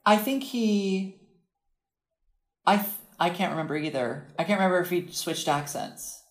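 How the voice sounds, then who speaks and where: Chatty, rambling woman with a low voice. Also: animated, normal speed. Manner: chatty, rambling, talking like a kid. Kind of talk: casual chat.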